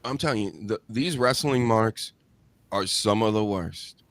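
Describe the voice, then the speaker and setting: A man's voice: on the low side, a little slow, a bit bright, no echo. A man hosting a wrestling podcast in casual chat, blunt and sarcastic, swearing freely. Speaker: podcast host.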